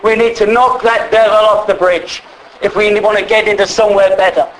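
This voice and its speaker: A man's voice: high voice, steady tone, fairly quick, fairly bright tone, a little hiss or hum, poor audio. A man preaching in a church, telling a story in a conversational way, repeating words and asking the listeners questions. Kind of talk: storytelling sermon.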